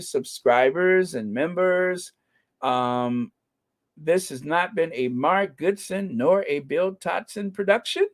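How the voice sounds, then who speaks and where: A middle-aged host winding down a casual livestream with an unhurried, drawn-out delivery. The pitch swings widely as they tease and feign outrage, and the talk stays playful and chatty throughout. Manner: playful, mock outrage, animated. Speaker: channel host.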